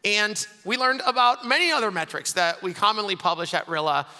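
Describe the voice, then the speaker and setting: A high, bright-toned man delivers an excitable conference keynote from the stage. His voice rings with a forceful edge. Long reverb from a big hall trails every phrase. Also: brisk, faint music behind. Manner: energetic, excitable, laughs often. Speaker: conference host giving closing remarks.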